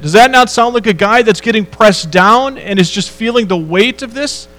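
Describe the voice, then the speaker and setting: A man's voice: sits high, animated, moderate pace, hardly any pauses, fairly bright tone, rough recording. A man preaching a sermon in a church, reading scripture and asking the congregation rhetorical questions in a conversational way. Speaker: pastor.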